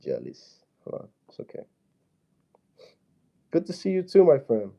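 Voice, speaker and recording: A man's voice: on the high side, wildly swooping pitch, measured pace, gravelly, pauses often, highs cut off. A man on a casual live stream, reading out viewer comments and answering them loosely and playfully into his phone. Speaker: fitness streamer.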